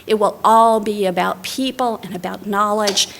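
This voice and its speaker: A middle-aged woman with a medium-pitched, steady voice speaks at normal speed, with vocal fry and a little hiss or hum. As a library director lecturing in a lecture hall, she recounts personal stories conversationally amid fillers and restarts.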